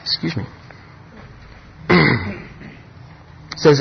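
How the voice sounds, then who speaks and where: A man leading a Bible study in an earnest, rambling way, often restarting his sentences and growing excited over the text. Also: mid-range voice, moderate pace, husky, dull audio. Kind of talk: casual Bible teaching.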